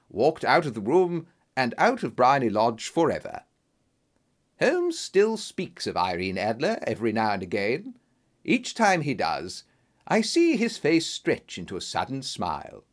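Expressive male storybook narrator. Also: mid-range voice, unhurried. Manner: clear, expressive reading.

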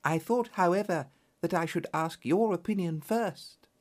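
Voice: medium pitch, measured pace. A narrator telling a story in the first person as a storybook reading.

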